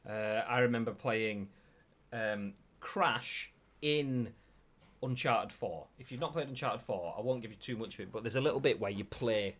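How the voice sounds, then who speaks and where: A man's voice: on the low side, moderate pace, fairly bright tone. A man with a Yorkshire accent co-hosting a gaming news show, chatting casually and reading out viewer comments. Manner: rambling, self-deprecating, lots of filler.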